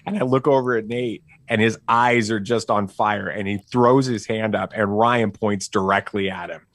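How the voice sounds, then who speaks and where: A middle-aged man telling a family story casually as a podcast guest, animated and full of fillers and restarts. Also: fairly low pitch, moderate pace, no room sound, clean studio sound.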